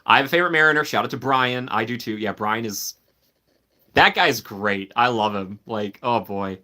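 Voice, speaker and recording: A man hosts a relaxed live stream and talks in an easy, chatty way. He is eager and laughs often while he answers his viewers by name. His voice sits at an ordinary middle pitch. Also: moderate pace. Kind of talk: casual live-stream chat.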